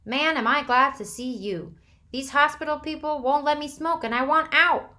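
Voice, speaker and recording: A mean, ornery teenage hoodlum, read by a woman. He talks loud and brash, restless and complaining. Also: sits high, moderate pace, voice pushed up.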